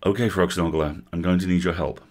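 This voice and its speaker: A man reading aloud as a kind, patient male elf animal healer, gentle and coaxing. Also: low-pitched, steady tone, fairly quick, lightly acted. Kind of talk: storybook character reading.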